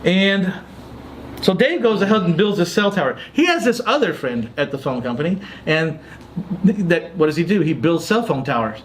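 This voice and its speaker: A man's voice: fairly high pitch, moderate pace, a little hiss or hum. A man hosting a podcast, telling a story in a casual chat and acting out the lines of other people. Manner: animated storyteller, quotes others' dialogue. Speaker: podcast host.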